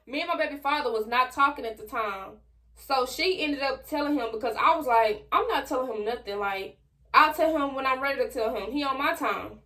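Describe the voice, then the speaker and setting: Animated, bright-voiced young woman vlogger. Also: sits high. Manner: animated, slangy, talks straight to viewers. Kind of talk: casual storytime monologue.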